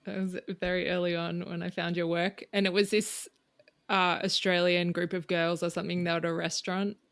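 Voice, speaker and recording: A woman's voice: lowish voice, little pitch movement, brisk. A woman hosting an interview, asking questions in a casual conversational way. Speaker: podcast host.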